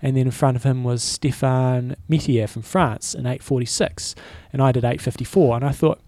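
A man co-hosting a casual podcast, rambling in a relaxed way with frequent restarts. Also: mid-range voice, moderate pace, dry recording. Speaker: podcast co-host. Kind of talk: casual chat.

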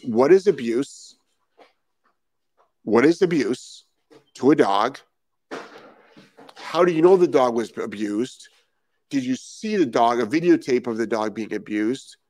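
A man's voice: medium pitch, lively intonation, a little slow, pauses often, darkish tone, no room sound. A man from Rhode Island, a dog trainer hosting a live stream and reading out viewer comments, talking emphatically, repeating key phrases and asking rhetorical questions.

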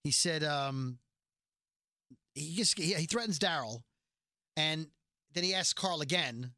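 A man talking through a show recap in casual, animated chat, slipping into playful voices for quotes. His voice sits high and sounds bright and clear. The sound is dry and close. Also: takes it slowly, no room sound. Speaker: podcast co-host.

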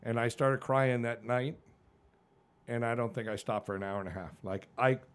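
A man's voice: mid-range voice, steady tone, normal speed. Candid, profane middle-aged man telling his story. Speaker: guest. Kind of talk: casual storytelling in a podcast chat.

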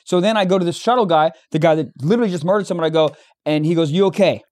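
A young man co-hosting a podcast, telling a story in casual chat, animated and profane, acting out the dialogue. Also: fairly high pitch, rapid-fire. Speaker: podcast co-host.

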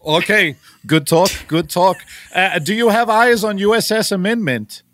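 A man's voice: high voice, normal speed, fairly bright tone, no echo. A man playing a fussy male navy sailor, hesitant with many fillers, in an improvised comedy sketch.

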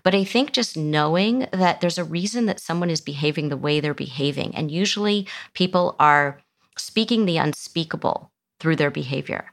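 A woman's voice: sits low, normal speed. A middle-aged woman, a psychotherapist guest in an interview, who explains things earnestly and often restarts her sentences. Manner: earnest, explanatory, many restarts, acts out quotes. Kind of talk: conversational interview.

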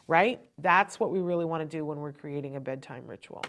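A woman's voice: normal speed, hardly any pauses. A woman host giving friendly parenting advice in a chatty way, often asking "right?" and dropping her voice to show how to wind down. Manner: lowers her voice to show winding down. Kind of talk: conversational advice talk.

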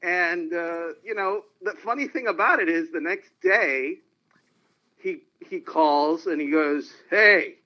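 A man's voice: fairly high pitch, measured pace. A man telling anecdotes as a guest in an interview. He tells them animatedly and often laughs. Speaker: sportswriter guest. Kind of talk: phone-in interview storytelling. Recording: dull lo-fi line.

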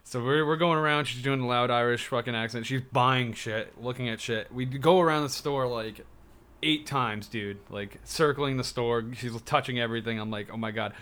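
Young guy, casual storyteller, rambly, filler-heavy, medium-pitched voice. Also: normal speed, a bit bright, clear, resonant tone. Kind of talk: casual chat.

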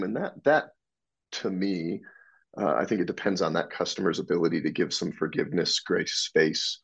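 Low gravelly guy on a podcast, husky, kinda muffled lo-fi audio, acts out the dialogue. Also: brisk. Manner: animated storyteller acting out dialogue, frank and profane. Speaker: podcast guest, business owner. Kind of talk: casual interview storytelling. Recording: dull lo-fi sound.

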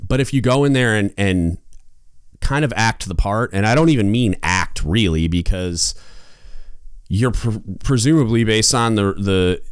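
A man's voice: fairly low pitch, clear, resonant tone, no echo, clean studio sound. A man hosting a podcast, giving passionate, emphatic advice in a rambling style with many restarts. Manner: passionate, emphatic, loud at times. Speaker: podcast host. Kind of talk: advice monologue.

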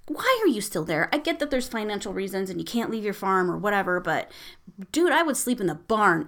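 A woman's voice: medium pitch, fairly bright tone. Casting: woman podcast host, irreverent and profane, casual storyteller. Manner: irreverent, swears freely, laughs often. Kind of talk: casual storytelling about a haunting.

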